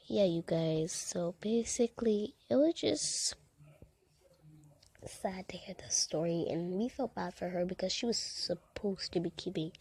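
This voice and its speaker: A woman talks through a vlog voiceover in a hushed, emotional way. Her voice is mellow and dark, with a breathy huskiness and some vocal fry. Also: on the low side. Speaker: vlogger. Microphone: recorded voiceover.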